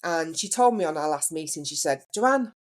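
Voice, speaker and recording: A woman's voice: sits low, expressive, fairly quick, darkish tone. A woman hosting a solo podcast as a business coach, telling a story in a chatty way and putting questions to the listener.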